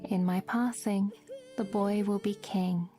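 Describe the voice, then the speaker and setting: A woman with a British accent voicing a dying old king who speaks his last words in a gentle, solemn way. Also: high voice, fairly even intonation, slow, over music. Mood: tender, solemn.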